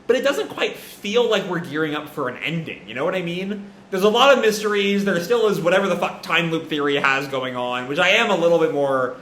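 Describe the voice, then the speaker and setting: A man's voice: a little high, lively intonation, a little fast, fairly bright tone, slight background noise. A man hosting a live manga reaction, thinking aloud with hedges and restarts. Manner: rambling, hedging, self-correcting. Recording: echoey room.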